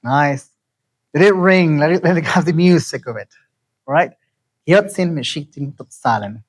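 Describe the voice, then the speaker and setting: Man teaching pronunciation slowly. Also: a little high, rough recording. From Mexico City. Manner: slow, deliberate, repeats words to teach pronunciation. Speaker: lecturer. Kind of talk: lecture.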